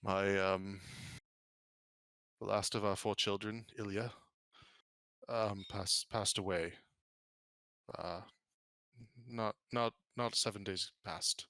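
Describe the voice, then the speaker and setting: A man voicing a grieving, soft-spoken village burgomaster who stammers and hesitates. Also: on the low side, steady tone, takes it slowly, pauses often, no room sound, full character voice. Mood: grieving, hesitant.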